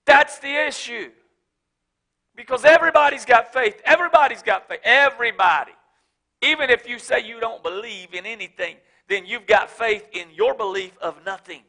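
A pastor delivers a sermon in a strikingly high, bright voice. He builds to shouted, repeated declarations, then drops into quiet, laughing asides with a down-home tone. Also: moderate pace. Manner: preaching with rising shouted emphasis, then folksy asides; casual, joking, speaks of his wife.

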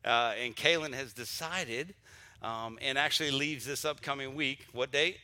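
Bright-voiced male pastor leading prayer. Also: medium pitch, steady tone, normal speed. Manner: warm, emotional, repetitive restarts. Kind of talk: church announcements and prayer. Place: church sanctuary during service.

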